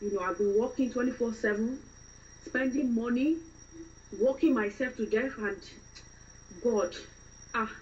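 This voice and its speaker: A woman's voice: on the high side, darkish tone, recorded from a distance, dull audio, a little hiss or hum. A woman voicing a newly arrived, devout and exasperated Nigerian woman in London, with a Nigerian accent and fervent, preachy exclamations.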